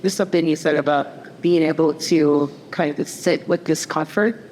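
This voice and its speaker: A woman's voice: sits low, fairly even intonation, moderate pace, a little mellow. A woman counselor speaking on a panel, talking in a loose, conversational way with many fillers and restarts. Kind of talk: panel discussion. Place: community event hall. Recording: echoey hall, faint background noise.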